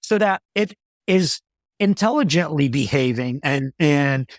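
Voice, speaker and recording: A male company executive explaining his ideas in a business interview, in a measured way with many fillers and restarts. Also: on the high side, expressive, no room sound, clean studio sound.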